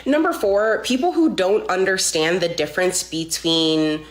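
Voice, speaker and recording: A woman with a lowish voice giving blunt, numbered advice. Her voice carries a roomy echo around it. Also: unhurried. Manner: blunt, lists points by number. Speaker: commentator in a played video clip. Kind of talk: direct advice talk.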